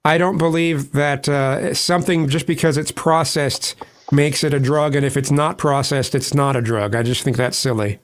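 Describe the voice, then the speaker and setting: A man's voice: medium pitch, steady tone, normal speed. A man in a live stream debate, hesitant and stammering through his restarts. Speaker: stream participant. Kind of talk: casual argument.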